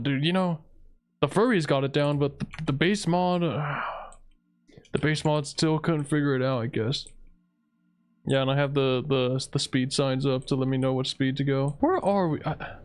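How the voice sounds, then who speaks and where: A young man giving rambling, casual commentary over his own gameplay, saying "dude" a lot. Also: on the high side. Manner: rambling, laid-back, says "dude" a lot. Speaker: gaming video creator. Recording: faint game music behind. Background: game music.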